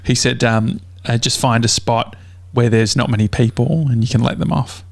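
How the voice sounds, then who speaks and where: A man's voice: mid-range voice, steady tone, normal speed, vocal fry, no echo, clean studio sound. A young Australian man hosting a casual podcast, telling a long story with lots of fillers and swearing. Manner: rambling storyteller, swears a lot, many fillers. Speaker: podcast host. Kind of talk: casual chat.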